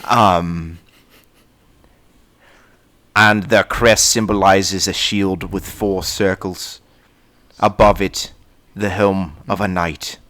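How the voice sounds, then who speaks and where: A man putting on the voice of an old-fashioned jousting announcer, speaking slowly and formally for comic effect. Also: deep voice, fairly even intonation, fairly bright tone, dry recording. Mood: proclaiming. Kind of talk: comic impression.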